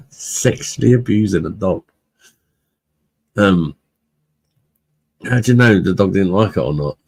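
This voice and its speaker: A man's voice: deep voice, animated, slow pace, gravelly, long pauses, slightly rough. A man hosting a live-stream beer review, chatting casually with viewers in a blunt, sweary way and laughing often.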